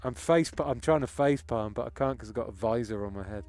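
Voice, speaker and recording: A man's voice: medium pitch, fast talker, a little mellow. A man giving live gameplay commentary, sarcastic and exasperated, swearing often. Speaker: game streamer.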